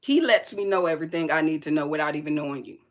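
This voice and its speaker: A livestream host with a hoarse, raspy voice, venting emphatically about faith, repeating lines and swearing freely. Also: mid-range voice, fast talker. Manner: preachy, speaks of God and spirit. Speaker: live stream host. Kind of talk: casual live-stream venting.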